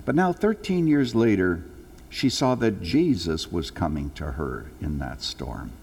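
An older man preaching a sermon to his congregation, telling stories earnestly, rising for emphasis and then dropping low and slow. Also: sing-song, vocal fry, darkish tone, slightly rough. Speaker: pastor. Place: church sanctuary. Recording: long hall reverb.

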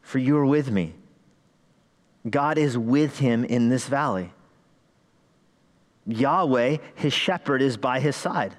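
A man preaching to a congregation, his voice ringing with a long reverb through a church hall. He leans on rhetorical questions and pushes his emphasis upward, with a voice of middling pitch. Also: slow, long pauses. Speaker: pastor. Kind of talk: sermon. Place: church sanctuary.

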